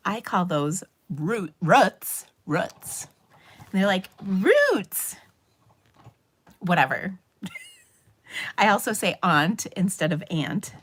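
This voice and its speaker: A middle-aged woman from Minnesota hosts a papercraft livestream in a chatty, rambling way. Her Minnesotan accent and a slightly low voice carry an easy, talkative style, with fillers and laughs along the way. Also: slow pace, pauses often, fairly bright tone, husky. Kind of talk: casual livestream chat.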